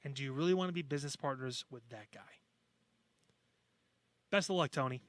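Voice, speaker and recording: A man's voice: mid-range voice, fairly quick, no echo. Man, podcast co-host, blunt, profane, sarcastic, dry recording. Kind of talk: casual chat.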